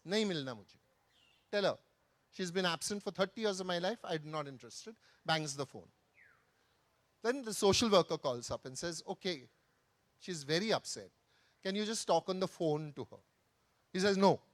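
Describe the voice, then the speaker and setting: A man telling an anecdote on a festival stage, with lively asides in Hindi. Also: high voice, no echo. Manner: animated anecdotal storytelling, mixing in Hindi phrases. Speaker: author on a festival panel. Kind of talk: storytelling talk on stage.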